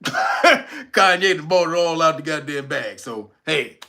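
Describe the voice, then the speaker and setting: A man hosting a casual livestream, reading viewer comments and reacting loudly with profanity and frequent laughter. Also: on the high side, lively intonation, unhurried. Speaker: livestream host reading chat.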